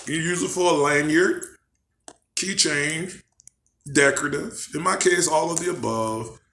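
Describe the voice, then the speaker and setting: A man's voice: on the high side, a little slow, creaky, sharp tone. A man, rambling in a casual show-and-tell vlog and asking viewers to picture things. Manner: chatty, rambling, asks viewers to imagine. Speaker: vlogger. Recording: echoey room, faint background noise.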